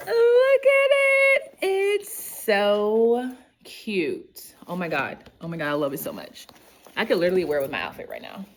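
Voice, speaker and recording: A woman's voice: low-pitched, very animated, quick pace, slight background noise. A woman teacher vlogging casually as she unboxes a package, effusive and gushing, often gasping with delight. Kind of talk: casual unboxing vlog chat.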